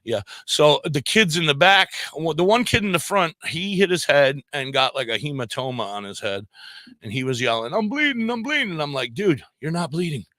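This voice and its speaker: A man on a podcast spins a story in a casual, lively way, slipping into the voices of the people he describes. His voice is bright and forward. The sound is dry and close, with no room around it. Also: mid-range voice, normal speed, no echo. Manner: animated storyteller who acts out quoted voices. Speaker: podcast guest; volunteer fire police.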